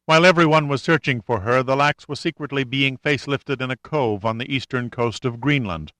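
Forceful, bright male audiobook narrator. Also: mid-range voice, brisk, no room sound.

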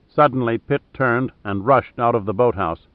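Male audiobook narrator, steady delivery; thin phone-like, dead-dry sound. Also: mid-range voice, normal speed, dry recording. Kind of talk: scripted narration.

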